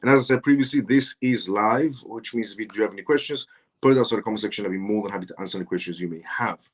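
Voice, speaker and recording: A man's voice: fairly low pitch, rapid-fire. A man hosting a live stream, reading out viewer comments and answering questions in a casual, repetitive conversational way.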